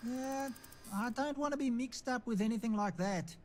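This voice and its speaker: A man's voice: very high-pitched, normal speed, a little hiss or hum. A man voicing a friendly, principled shopkeeper in a video game, chatty and wry. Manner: chatty, wry and good-natured.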